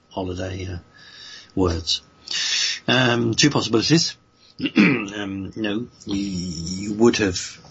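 A man answering listener questions in slow, halting speech, full of fillers and restarts. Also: sits low, a bit bright, slightly rough, muffled recording. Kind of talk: unscripted spoken answers.

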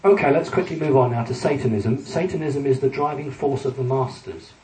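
A man's voice: medium pitch, fairly quick, a little mellow. A man giving a public talk with slides, earnest and emphatic as he warns his audience. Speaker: lecturer addressing an audience. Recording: echoey hall, distant mic, faint ambience.

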